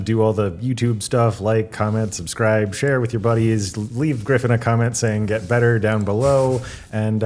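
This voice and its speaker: A man co-hosting a casual podcast, reading listener comments and signing off in a relaxed, conversational way. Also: fairly low pitch. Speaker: podcast co-host.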